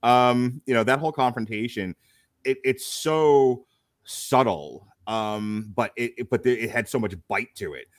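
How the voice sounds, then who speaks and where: A man's voice: mid-range voice, unhurried, no room sound, studio quality. A man hosting a casual film review podcast, rambling and teasing his co-hosts with jokes. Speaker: podcast host.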